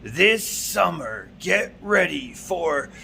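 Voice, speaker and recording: Man doing a slow, lively-pitched trailer-announcer voice, gravelly and drawn out; faint noise. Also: heavily acted. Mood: dramatic. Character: booming movie-trailer announcer, dramatic, adult man. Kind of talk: mock movie-trailer voiceover.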